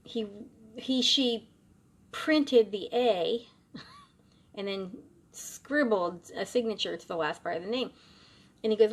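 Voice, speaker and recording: Animated woman telling a spooky story. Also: medium pitch, measured pace, long pauses. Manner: animated, acts out both sides of conversations. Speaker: psychic medium and former bartender. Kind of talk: casual storytelling to camera.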